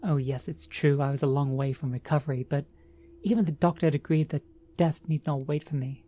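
A woman narrating a first-person horror story in a measured, dramatic reading. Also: deep voice, steady tone, warm tone.

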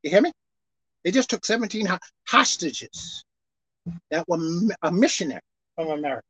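A woman preaching a sermon in a casual, folksy way, swinging between shouted highs and low murmurs. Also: sing-song, moderate pace, pauses often, husky, no echo. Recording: dull lo-fi recording.

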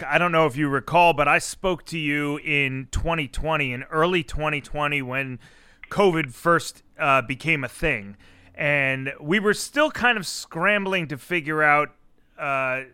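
A man's voice: a little high, sharp tone, smooth, dry recording. A man hosting a podcast interview, talking conversationally with frequent fillers. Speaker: podcast host.

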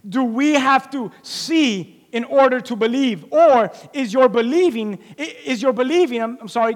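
A male preacher with a strikingly high voice delivers an emphatic sermon full of rhetorical questions and repeated phrases. His words ring out with a long reverb, as if in a large hall.

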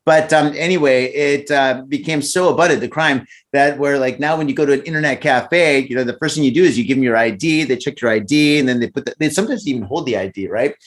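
A man's voice: mid-range voice, fast talker, hardly any pauses. A man co-hosting a casual podcast, reading news stories aloud and joking around with his co-host. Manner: jokey, laughs often, puts on silly voices.

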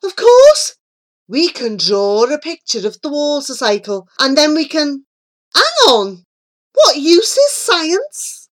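A woman voicing a loud, excitable and slightly dim schoolboy in a children's audiobook. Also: sits high, takes it slowly, pitched above the performer's own voice, exaggerated voice. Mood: excited. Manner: loud and blurting.

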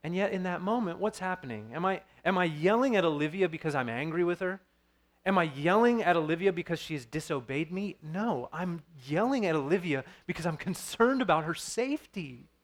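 A man's voice: on the high side, fairly quick. A man in his thirties preaching a sermon as pastor, earnest and storytelling, with frequent restarts.

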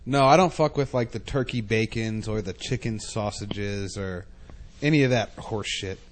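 A man's voice: fairly low pitch, moderate pace. A man on a podcast who talks casually and bluntly, with lots of swearing. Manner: profane, blunt. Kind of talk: crude casual banter.

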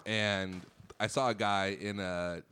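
A man's voice: on the low side, little pitch movement, slow pace, bright, forceful tone, clear, resonant tone. A man on a casual podcast chat, tossing in wisecracks and jokey asides. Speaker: podcast co-host.

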